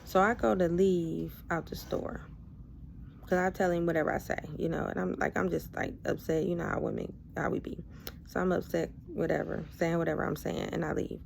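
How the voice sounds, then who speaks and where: A woman vlogger with a fairly low, creaky voice talks briskly through a personal story, with a little hiss or hum in the background. She's loose, conversational and full of asides, animatedly playing both sides of a past argument.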